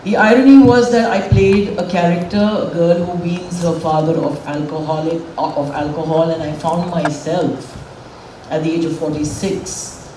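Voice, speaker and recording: A woman's voice: lowish voice, fairly even intonation, moderate pace. A middle-aged woman speaks candidly and with emotion at a public event. Her voice is picked up from a distance in a roomy hall with reverb. Faint room noise hums behind her. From India. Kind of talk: public speech.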